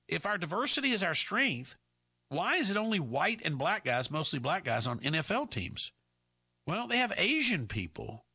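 Man, talk radio host, combative, rhetorical questions, husky, sharp tone. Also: sits high. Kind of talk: opinionated talk radio monologue.

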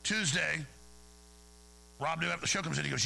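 Gravelly, bright-voiced man ranting on radio. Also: fairly high pitch, brisk, pauses often, slight background noise, poor audio. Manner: rambling, repeats words, heated. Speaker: radio show host. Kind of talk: agitated talk radio monologue.

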